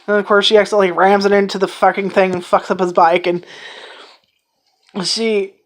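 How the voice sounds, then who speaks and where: Woman gushing about an anime, rambly and sweary, retells scenes all excited. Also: mid-range voice, fairly quick. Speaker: anime reviewer. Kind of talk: casual spoken review.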